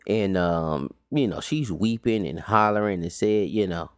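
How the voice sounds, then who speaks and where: A man's voice: low voice, a little slow, smooth, no room sound, clean studio sound. A man teaching an informal Bible study recap, talking casually with slang and rhetorical questions.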